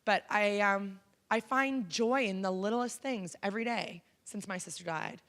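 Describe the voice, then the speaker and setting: A woman in her thirties from Canada speaks a little slowly, her medium-pitched voice a bit bright. As keynote speaker in a college auditorium, she recounts a personal story to the audience frankly and conversationally, with frequent ums.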